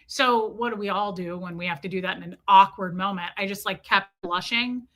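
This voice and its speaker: A woman hosts a casual livestream with a bright, clear-toned voice. She tells a crude, frank comic story and keeps breaking off to greet chatters by name. Her pitch sits in an ordinary middle range for a woman. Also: brisk. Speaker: livestream host chatting with viewers.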